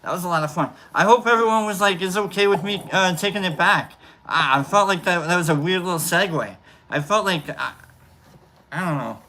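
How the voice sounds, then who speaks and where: A man hosting a casual chat show, talking in a rambling, halting way full of fillers and restarts. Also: sits high, sharp tone. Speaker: host. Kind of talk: casual chat while smoking.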